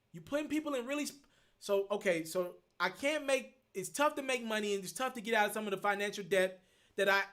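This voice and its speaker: A man's voice: high-pitched, bright, forceful tone. A man, hosting a live stream, thinking aloud as he answers viewer questions and repeating his points in an earnest, casual way. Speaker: host.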